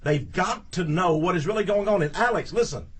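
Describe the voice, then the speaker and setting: A man's voice: sits high, expressive, brisk, husky. A man speaking as a guest on a studio talk radio show, emphatic and indignant, repeating words for stress.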